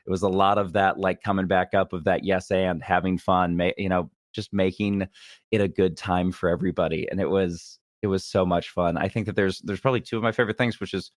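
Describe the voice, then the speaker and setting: A young adult man, a comedian guest, telling stories in a casual interview, lively and quick to laugh. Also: low-pitched, no echo, studio quality. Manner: animated, laughs often, acts out quoted people.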